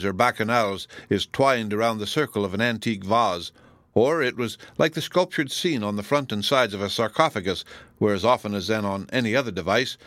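Low-voiced man reading a classic novel. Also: fairly bright tone, no echo. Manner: measured and formal. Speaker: audiobook narrator. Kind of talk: scripted narration of a classic novel.

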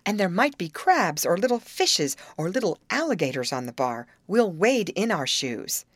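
A woman reading a storybook puts on a bossy, impatient teenage girl with a sharp, commanding edge. The voice swings up and down with animation, sitting a little low in its home register. It is recorded close and dry, with no room around it. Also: big pitch swings, no room sound. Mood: urgent. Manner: sharp, insistent and quick to take charge.

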